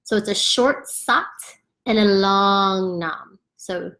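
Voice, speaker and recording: A woman's voice: mid-range voice, slow, a bit bright. A woman teaching a chant to beginners in a casual, chatty way at home, often laughing and demonstrating the sounds. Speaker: yoga instructor. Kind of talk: casual instructional talk.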